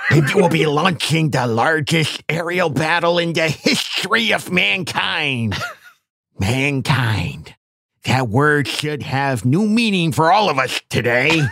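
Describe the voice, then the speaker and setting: A man putting on a nerdy voice to recite a grand, rousing speech slowly, with sudden loud swells. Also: on the high side, expressive, creaky, no room sound, full character voice. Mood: pompous. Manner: slow, halting delivery with sudden loud swells.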